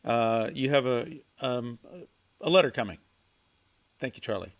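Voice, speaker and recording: A man at medium pitch hosts an informal livestream from the garage of his home. Answering viewer chat, he stumbles along, repeating words and frequently chuckling.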